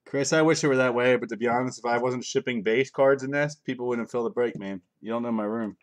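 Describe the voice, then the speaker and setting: Speaking fast at a medium pitch, this middle-aged host of a live card break jokes casually with viewers as he reads out cards. It's offhand, chatty live-stream talk.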